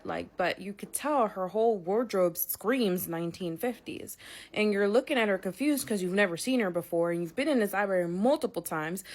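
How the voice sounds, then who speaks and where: A woman narrating a spooky story in the second person, in a casual, conversational way with filler words. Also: medium pitch.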